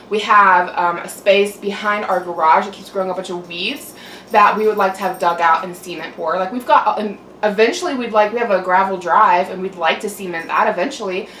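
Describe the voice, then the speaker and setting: A young adult woman mukbang vlogger vents in a casual, aggravated chat, swearing and saying "like" constantly. Her mid-range voice has a fairly bright tone, and the recording is roomy and echoey with a distant mic and faint hum.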